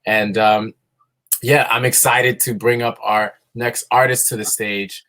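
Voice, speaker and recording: A man's voice: mid-range voice, little pitch movement, unhurried, pushed and bright. A man hosting a livestream event, friendly and rambling, often stumbling and restarting his words. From New York. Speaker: event host.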